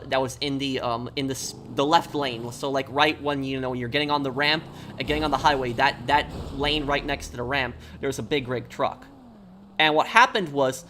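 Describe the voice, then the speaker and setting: Bright-voiced streamer rambling casually. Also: male voice, fairly high pitch, a little hiss or hum. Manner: rambling storyteller, answers chat questions. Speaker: game streamer. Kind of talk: casual live-stream chat while gaming.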